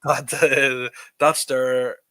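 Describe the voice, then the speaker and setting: A man's voice: medium pitch, flat delivery, extremely slow, bright, forceful tone, no room sound. Laid-back Northern Irish man, dry sound. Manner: laid-back, laughs often, repeats words. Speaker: podcast co-host, comedian. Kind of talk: casual chat.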